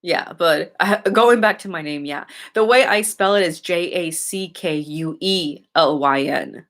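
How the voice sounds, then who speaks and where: A woman's voice: fairly low pitch, unhurried, a bit bright. A young woman chatting casually and bluntly with her viewers, swearing freely and rambling with many restarts. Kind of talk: casual chat.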